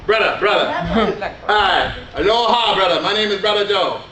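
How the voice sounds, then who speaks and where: A man's voice: high voice, expressive, moderate pace. A man playing a jolly male islander who laughs and coaxes a live youth group audience through a comedy skit. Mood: cheerful coaxing. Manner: playful, laughing, coaxing the crowd. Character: jolly male islander named Brother Joe. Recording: echoey hall, far mic, dull, loud crowd.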